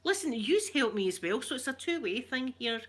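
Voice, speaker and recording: A woman's voice: high voice, big pitch swings, normal speed, a bit bright, husky. A middle-aged woman with a Scottish accent chatting casually with her live viewers, rambling, laughing often and greeting them by name. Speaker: ASMR livestreamer reading viewer comments.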